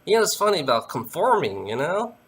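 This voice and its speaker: A man ranting straight to camera, heated and profane. His voice sits a little high and swings widely up and down. The tone is bright and forceful, and he keeps circling back to the same phrases. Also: big pitch swings, a little fast. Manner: heated, profane, repeats "you know" often.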